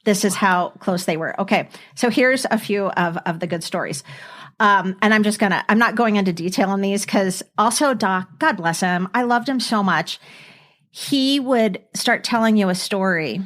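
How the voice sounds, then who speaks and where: A woman hosting a podcast, telling a story in casual chat with lively, frequent laughter. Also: medium pitch, moderate pace. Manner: animated storyteller, laughing often. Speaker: podcast host.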